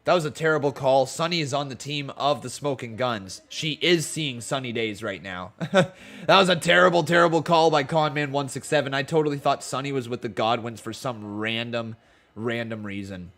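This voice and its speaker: A man with a mid-range voice talks at normal speed while hosting a casual live stream, calling old wrestling matches and reading chat aloud. His voice sounds a little sore and tired. His play-by-play is laid-back but jumps into hyped shouting.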